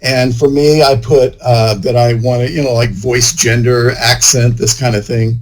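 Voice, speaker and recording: A man's voice: medium pitch, fairly even intonation, unhurried, poor audio. A man, an author, chatting casually in an interview, rambling and full of "you know" fillers. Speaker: author and guest.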